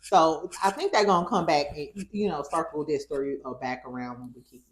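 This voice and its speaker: A woman's voice: sits low, fairly quick. A woman with a St. hosting a casual recap of a reality show, sassy and profane, laughing often. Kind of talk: casual reaction commentary.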